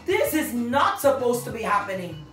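Woman yelling and cussing over a kart race, high voice, roomy far-off mic with game music playing. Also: moderate pace. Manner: excitable, swears and yelps. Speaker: gaming channel host. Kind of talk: let's play commentary.

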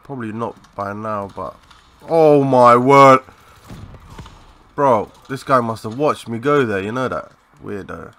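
A young man giving live, excitable commentary over a shooter game, swearing and chatting in slang. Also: fairly low pitch, normal speed, few pauses. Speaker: gaming commentator.

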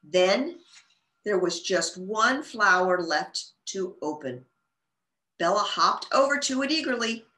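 A woman librarian reading a storybook aloud to young children with gentle, expressive storytelling. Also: mid-range voice, takes it slowly. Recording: roomy echo.

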